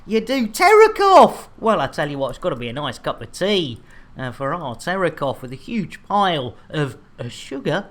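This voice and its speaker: A woman's voice: low voice, sing-song, moderate pace. A woman from the UK streaming a game, chatting playfully and greeting viewers by name. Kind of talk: casual live-stream chat.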